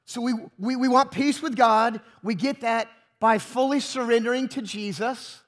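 A man's voice: very high-pitched, normal speed. A pastor preaching a sermon to his congregation, emphatic and full of rhetorical questions.

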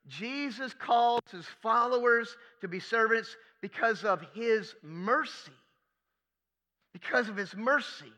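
Man, pastor, sermon, emphatic, rhetorical questions, high voice, sharp bright tone. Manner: emphatic, rhetorical questions, repeats key phrases.

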